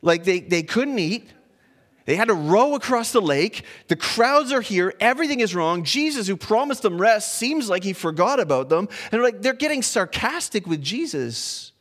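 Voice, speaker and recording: His voice sits high and swings widely in pitch, with a fairly bright tone at normal speed. The man preaches a conversational sermon verse by verse, speaking informally, repeating words mid-thought, and questioning his listeners.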